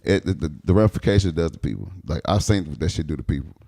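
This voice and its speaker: A man telling rough street stories in a loose, casual podcast chat. He talks quickly, and his pitch swings widely as he drives each story along. He swears freely and breaks into laughs. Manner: animated, profane street storytelling with frequent laughs. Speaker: podcast guest, stand-up comedian.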